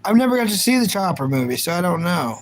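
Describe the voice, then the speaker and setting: A man's voice: high voice, sing-song, fast, low-quality recording. A young man hosting a livestream, chatting casually and playfully about anime and reacting to his viewers. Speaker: livestream host.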